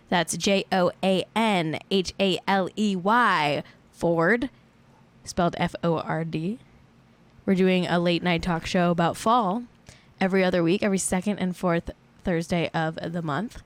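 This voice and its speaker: A woman hosting a casual celebrity gossip livestream, playful and self-mocking. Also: fairly low pitch. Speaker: host.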